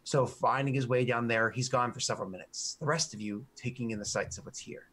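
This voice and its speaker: A man's voice: mid-range voice, fairly even intonation, brisk, a bit bright, husky. A man narrating a tabletop game as game master, rambling with restarts and fillers.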